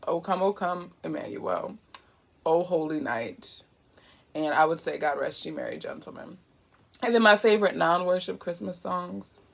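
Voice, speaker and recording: Woman, casual movie reviewer, lively and chatty, some vocal fry. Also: low-pitched. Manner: animated, chatty, laughs often.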